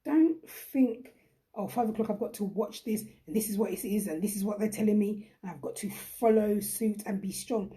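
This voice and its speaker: A woman's voice: mid-range voice, moderate pace, warm tone. A young woman hosts a live chat with viewers, talking in a chatty, emphatic and encouraging way. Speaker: host.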